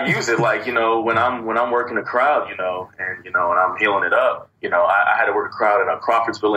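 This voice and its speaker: A young man, a wrestler from Cleveland, telling stories in a casual interview with an animated, boastful trash-talking manner. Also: deep voice, low-quality recording. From Cleveland, Ohio. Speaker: wrestler guest.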